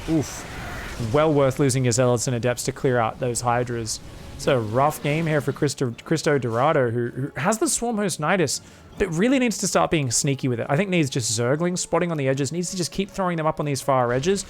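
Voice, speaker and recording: A young man casting a live strategy game, excitable and crude, rambling between plays and shouting at the action. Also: mid-range voice. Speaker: game caster.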